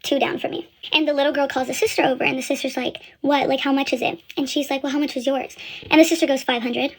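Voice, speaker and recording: High and gravelly, this young retail employee's voice carries a story told bluntly and casually, full of filler words with a bit of cursing.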